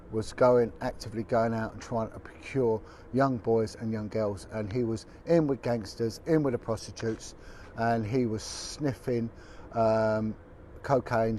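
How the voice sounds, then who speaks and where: A man's voice: medium pitch, a little mellow. Former detective vlogger, man, colloquial and indignant; a little background noise. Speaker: former detective turned video blogger. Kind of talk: impassioned direct-to-camera update.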